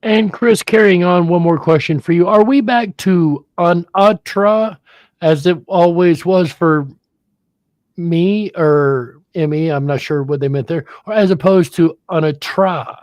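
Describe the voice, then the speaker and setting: A man's voice: high-pitched, unhurried, a little mellow, no room sound. A man moderating a panel discussion on a video call, reading out questions with a self-deprecating, laughing manner.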